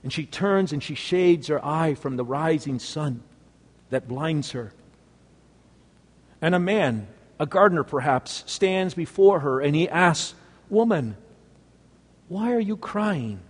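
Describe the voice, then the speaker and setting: Slow, dramatic male preacher in a hall. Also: fairly high pitch, husky. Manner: sweeping swings between loud exclamation and hushed near-whisper. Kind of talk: dramatic sermon storytelling.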